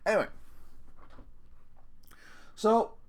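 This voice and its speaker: A middle-aged man ranting casually to camera, rambling through stories with swearing and self-mocking laughs. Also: extremely slow. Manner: rambling, profane, laughing at himself. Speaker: vlogger.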